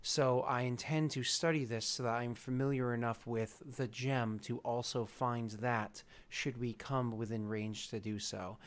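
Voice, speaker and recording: A man's voice: medium pitch, steady tone, a little slow, few pauses, smooth, close to an everyday voice. A man playing a long-winded polite scholar. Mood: courteous. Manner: wordy and formal. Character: verbose polite male scholar, studious.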